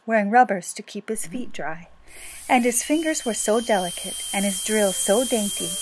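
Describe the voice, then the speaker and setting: A woman reading a children's picture book aloud with clear, expressive narration. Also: lowish voice. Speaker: storyteller. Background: background music.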